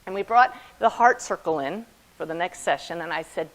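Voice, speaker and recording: A woman, a medium, telling lively personal stories to a conference audience, often laughing as she speaks. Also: lowish voice, normal speed, poor audio. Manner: animated anecdotes with frequent laughter. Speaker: medium giving a talk. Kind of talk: storytelling talk to an audience.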